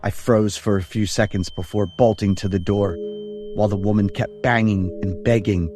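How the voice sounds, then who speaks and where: A man in his thirties tells a first-person horror story in a casual, slangy voice. He speaks in a lowish register. Clear background music plays under him. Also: steady tone, normal speed. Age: 30s. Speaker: narrator.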